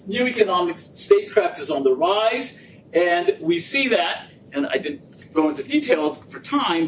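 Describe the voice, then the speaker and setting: A man giving a public lecture, telling anecdotes with acted-out dialogue in an animated way. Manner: animated storytelling, acts out quoted exchanges. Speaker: guest lecturer. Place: lecture room. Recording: distant mic with faint rumble.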